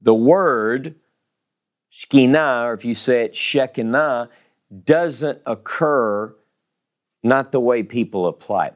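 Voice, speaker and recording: Southern male Bible teacher, mid-pitched, unhurried, emphatic, repeats words to drive them home. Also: darkish tone. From American South.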